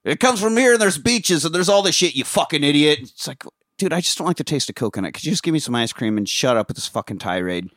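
A man's voice: a little high, expressive, fairly bright tone, no room sound, clean studio sound. Profane laughing man recapping a movie. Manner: profane, laughing, acts out characters in quick voices. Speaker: podcast host. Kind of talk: casual movie recap chat.

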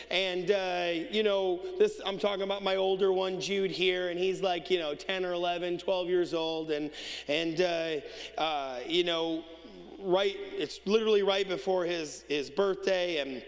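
A male pastor telling a funny family story in a sermon, building up to shouted, emphatic preaching. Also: high-pitched. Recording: long reverb of a large hall.

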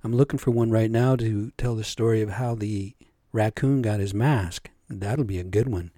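Man, casual storyteller, chatty, dark mellow voice, dry close sound. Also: lowish voice, moderate pace, no room sound. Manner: chatty, checking in with listeners. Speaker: storyteller and vlogger.

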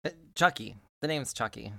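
A playful man runs a tabletop game, rambling along as he narrates the scene. His voice sits in a middle pitch, and the sound is dry and close. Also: lively intonation, moderate pace, creaky, bright, forceful tone, dry recording. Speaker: game master.

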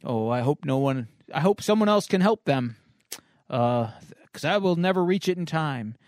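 A man voicing a determined adult male superhero in a low, gruff mutter. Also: expressive, moderate pace, darkish tone, dry recording, studio quality, close to an everyday voice. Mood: grim.

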